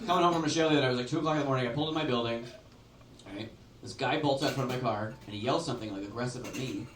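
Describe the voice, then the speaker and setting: A man's voice: medium pitch, very fast. A male stand-up comedian rambling through his set in a loose, conversational way, full of fillers and tag questions. His voice sits in the middle of the range and carries the echo of a club, picked up from a distance with audible room noise. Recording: roomy, noisy club recording from a distance.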